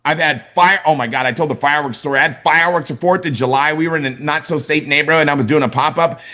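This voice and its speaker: A man with a fairly high voice rattles through a motivational sales training at a quick clip. He speaks conversationally and keeps checking in with his listeners as he coaches them. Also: pushed and bright. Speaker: network marketing sales trainer.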